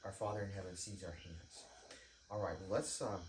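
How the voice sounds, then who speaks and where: A man's voice: low voice, steady tone, a little fast, a little hiss or hum. Man preaching in an echoey room. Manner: rambling storytelling with frequent ums and restarts. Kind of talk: informal sermon story and prayer. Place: church prayer room. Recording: echoey room, mic at a distance.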